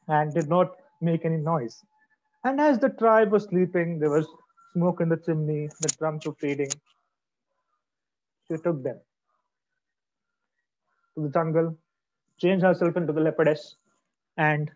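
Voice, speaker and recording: A male storyteller narrating a folk tale to children, dramatic and expressive. His voice sits a little high. It comes through a video call with dull, lo-fi audio.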